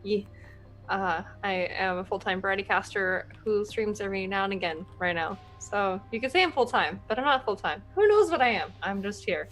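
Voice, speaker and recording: A woman's voice: medium pitch, lively intonation, normal speed, a bit bright, faint music behind, low-quality recording. A woman player and streamer chatting casually after a game, bubbly, rambling and effusive. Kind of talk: casual post-game chat.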